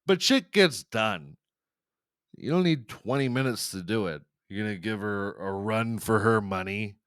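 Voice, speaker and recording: A man's voice: on the low side, lively intonation, unhurried, fairly bright tone, no room sound, studio quality. A man hosting a podcast, delivering a rambling, profane, sarcastic comedic rant. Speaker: podcast host. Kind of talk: comedic ranting monologue.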